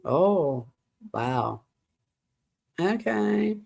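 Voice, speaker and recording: A woman's voice: lowish voice, sing-song, extremely slow, gravelly, a little mellow, breathy edge. A woman hosting a true crime show, reading text messages aloud and breaking in with shocked asides. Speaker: true crime host and psychology professor.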